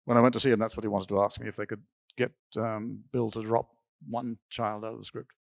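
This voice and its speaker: Older guy telling old family stories, low voice, dry close sound, laughs a bit. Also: little pitch movement, brisk, gravelly, no echo. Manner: rambling anecdotes with laughs and restarts. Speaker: interview guest. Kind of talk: storytelling in an interview. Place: symposium stage.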